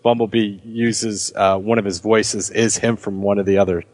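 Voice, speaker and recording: A man's voice: on the low side, flat delivery, moderate pace, no room sound. A man in casual movie review chat who laughs often and defends the film.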